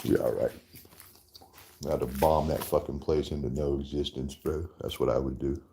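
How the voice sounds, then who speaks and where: A man's voice: a bass voice, steady tone, normal speed, dark tone, slight background noise. A man hosting a casual livestream, rambling, swearing freely and laughing often. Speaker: livestream host. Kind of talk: casual livestream chat while eating.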